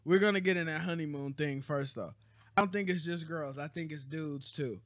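A man's voice: a little high, fairly quick, dry recording, clean studio sound. A man hosting a casual podcast chat, opinionated and teasing, full of slang. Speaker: podcast host.

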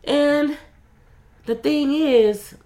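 A woman speaking to her viewers in a candid personal monologue, blunt and profane, swinging between loud outbursts and quiet stretches and calling her listeners y'all. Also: sits high, drawn-out words. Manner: frequent restarts and addresses listeners as y'all. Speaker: vlogger sharing a personal story.

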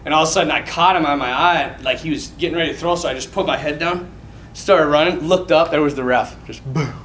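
A man telling a story in casual talk, animated, laughing often and acting out the voices of the people in it. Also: a little high, fast talker, far from the mic. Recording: echoey room, off mic, faint noise.

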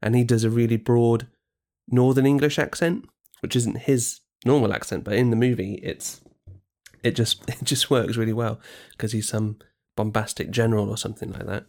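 A chatty man co-hosting a relaxed podcast conversation. He talks at an everyday pitch and often restarts his sentences as he thinks aloud. His tone stays loose and conversational. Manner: chatty, quick to agree, trails off and restarts. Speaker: podcast co-host. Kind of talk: casual chat.

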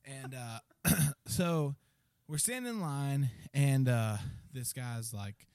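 A young man telling a story in casual chat, profane and animated, mimicking the voices of the people in it. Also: mid-range voice, slow, clear, resonant tone, dry recording.

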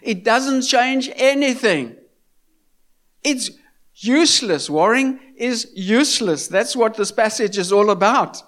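High-voiced preacher. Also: male voice, expressive, slow pace, fairly bright tone. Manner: earnest, repetitive, rhetorical questions. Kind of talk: sermon.

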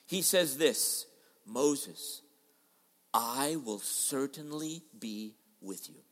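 A man's voice: mid-range voice, expressive, extremely slow. Man preaching in an echoey hall. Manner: dramatic preaching, acts out quoted voices, swings loud and soft. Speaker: pastor. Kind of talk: sermon. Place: large church hall.

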